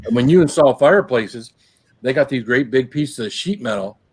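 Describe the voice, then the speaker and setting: A man joining a live stream chat, relaxed, telling an anecdote. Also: medium pitch, normal speed, husky. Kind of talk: casual chat.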